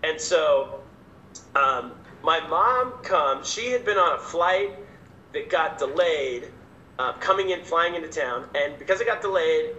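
Bright animated comedian, echoey room. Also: male voice, a little high, unhurried, highs cut off, slight background noise. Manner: animated, self-mocking. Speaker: stand-up comedian, guest. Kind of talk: casual storytelling. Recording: echoey room, faint ambience.

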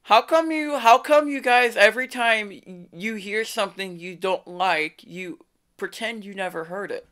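A woman makes a mocking prank call, stuttering and taunting the person on the line. Her mid-range voice is fairly bright and a little slow. A noisy hiss runs in the background.

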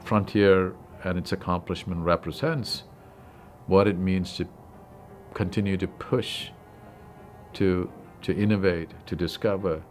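A man's voice: sits low, fairly even intonation, a little slow, pauses often, soft background music. A man, a lab leader, speaking emphatically about the big picture in a documentary interview.

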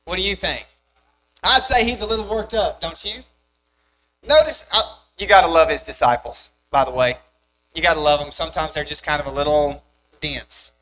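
Animated young preacher man, emphatic. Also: on the high side, moderate pace, long pauses, a little hiss or hum, low-quality recording. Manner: animated, rising emphatic delivery with rhetorical questions. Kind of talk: sermon. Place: church sanctuary.

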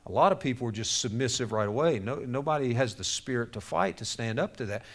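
A man preaching a lively sermon, telling a story and acting out its characters with jokes for the audience. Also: mid-range voice, fast talker, hardly any pauses. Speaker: speaker to youth on bullying.

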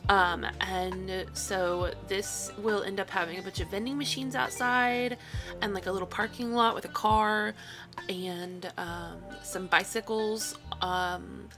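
A woman's voice: mid-range voice, fairly even intonation, slow pace, music in the background. A woman talking through a long, rambling voiceover in a chatty way, with many ums, who keeps yawning and apologising. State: yawning, tired. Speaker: video creator. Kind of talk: casual voiceover narration.

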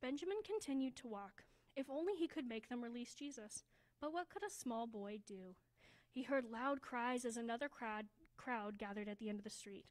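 A woman reading a children's story aloud at a church service, slowing down for emphasis and dropping to a hush. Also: fairly high pitch, rough recording. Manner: expressive, slows down for emphasis, drops to a hushed voice.

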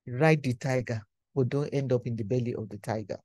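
A man's voice: mid-range voice, fairly quick, mellow, dry recording. A man giving an induction lecture to professionals, exhorting them and repeating his key phrases for emphasis.

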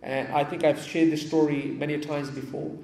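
A man's voice: a little high, little pitch movement, fairly quick, creaky, darkish tone. A man from England giving a storytelling sermon in a mosque hall, repeating key phrases for emphasis. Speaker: preacher. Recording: echoey hall with long reverb.

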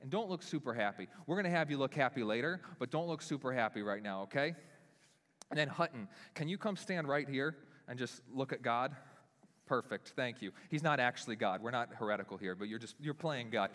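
A young man preaching from a church stage, loose and animated, with his pitch swinging up and down as he acts out the scene. His voice sits in a middle register. It carries the long, hanging reverb of a church sanctuary. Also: a little fast. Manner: animated, self-deprecating, talks with lively pitch swings. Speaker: pastor. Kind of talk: sermon with live stage demonstration. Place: church hall.

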